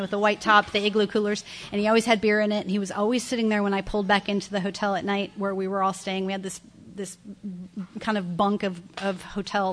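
A middle-aged woman speaking to a meeting room audience, giving a candid, conversational personal testimony about recovery, with soft laughs and repeated phrases. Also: mid-range voice, a little hiss or hum. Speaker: speaker sharing her recovery story.

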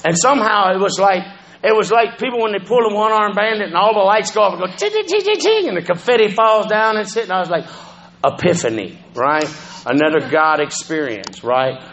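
A man's voice: high voice, a little fast, fairly bright tone, muffled recording. A man telling his recovery story as a personal testimony, conversational and profane, often checking in with the listeners. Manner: profane, conversational, keeps asking "you know what I'm saying".

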